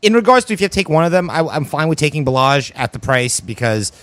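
A man's voice: fairly high pitch, very animated, quick pace, fairly bright tone, dry recording. A man co-hosting a fantasy football panel, pressing his points and repeating words as he argues. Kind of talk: casual sports chat.

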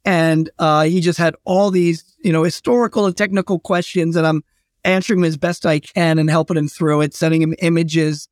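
A man, a historian and guest, telling anecdotes in a relaxed interview, with many fillers and restarts. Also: on the high side, moderate pace, dry recording, studio quality. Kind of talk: casual storytelling interview.

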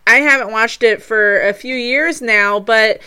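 Bright, clear-voiced woman host. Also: on the high side, measured pace. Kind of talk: casual chat.

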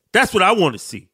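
A man co-hosting a comedy podcast, telling stories in profane, animated casual banter. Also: high voice, husky. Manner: profane, laughing, animated storytelling. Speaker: podcast co-host.

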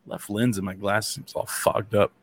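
A man's voice: fairly low pitch, flat delivery, moderate pace. A man hosting a casual talk show, rambling with many "like"s and restarts. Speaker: host. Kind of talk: casual chat.

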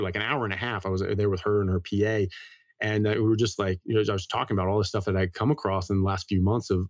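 A man's voice: on the low side, dry recording. A middle-aged man speaking as a doctor in a casual interview, telling stories at speed and often repeating words as he restarts his phrases. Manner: lively storyteller. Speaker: guest, medical doctor.

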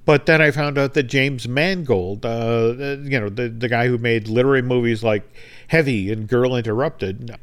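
A man's voice: medium pitch, normal speed, clear, resonant tone. A man co-hosting a podcast, casually retelling a behind-the-scenes anecdote and briefly acting out the quoted lines. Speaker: podcast co-host. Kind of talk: casual storytelling chat.

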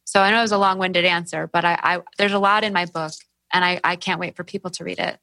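A woman's voice: fairly low pitch, steady tone, fast, vocal fry, sharp tone, no echo. A woman author speaking candidly as a podcast guest, earnest and heartfelt, with some swearing. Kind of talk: candid interview talk.

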